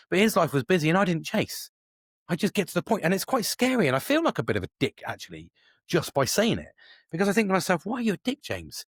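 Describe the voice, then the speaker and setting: A man in his 40s hosts a podcast solo, rambling casually with plenty of swearing and restarts. His medium-pitched voice is recorded dry, with studio quality.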